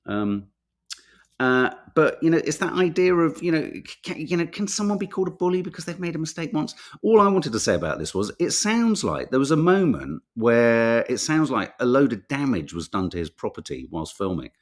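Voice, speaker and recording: A chatty man from England co-hosts a casual talk show, wandering off into tangents and swearing freely. His pitch swings up and down a lot as he talks. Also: sing-song, a little fast. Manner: rambling, sweary, chatty, reads out viewer names. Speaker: podcast co-host reading viewer comments. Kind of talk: casual chat.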